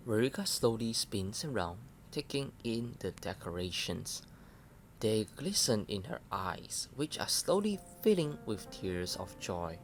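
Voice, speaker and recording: A man's voice: lowish voice, expressive, unhurried. A man casually reading a dating game aloud, stumbling over words now and then. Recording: voice over loud game music. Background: game music.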